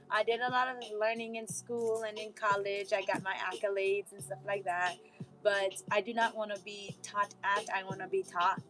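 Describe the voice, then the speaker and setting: A woman's voice: medium pitch, rough recording. Gushing woman vlogger repeating affirmations. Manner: gushing, affectionate, repeats phrases. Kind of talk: casual monologue, affirmations.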